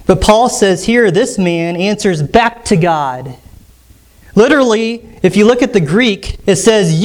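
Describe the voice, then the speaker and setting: A man preaching a sermon as pastor, emphatic and rising sharply on key lines, slowing down when quoting scripture. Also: high-pitched, expressive. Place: church sanctuary.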